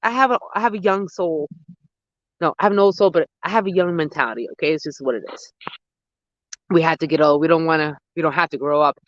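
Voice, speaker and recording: A gardening host in their thirties, chatting casually with live viewers outdoors at dusk. They ramble excitedly and use a lot of slang. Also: mid-range voice, quick pace, dry recording, highs cut off. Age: 30s. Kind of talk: casual live-stream chat answering viewers.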